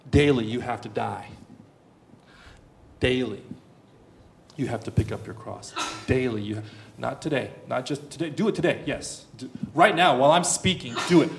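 A middle-aged man preaching a sermon, swinging from hushed tones to loud bursts. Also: fairly high pitch, moderate pace, pauses often. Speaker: pastor.

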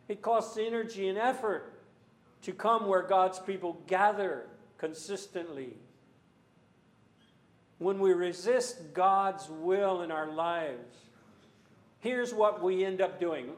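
A man preaching a sermon in a church, earnest and full of rhetorical questions, sometimes rising to loud emphasis. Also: high-pitched, slow, long pauses, roomy sound.

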